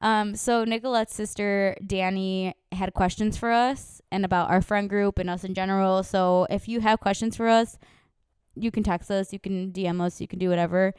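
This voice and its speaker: A woman's voice: mid-range voice, fairly even intonation, normal speed, a little mellow, smooth, no room sound, studio quality. A young woman co-hosting a podcast in casual chat, talking freely, swearing and acting out quotes. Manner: chatty, swears, acts out quotes. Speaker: podcast co-host.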